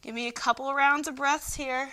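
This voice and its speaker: Woman, yoga teacher, encouraging breath cues, high voice, home practice. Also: moderate pace. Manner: calm, encouraging breath cueing. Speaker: yoga instructor. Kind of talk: guided yoga flow cues. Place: home, dogs nearby.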